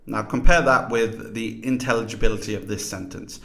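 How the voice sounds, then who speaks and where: A man's voice: fairly low pitch, steady tone, normal speed, creaky, fairly bright tone. A man teaching a lesson in scripted narration, explaining terms and demonstrating pronunciations aloud.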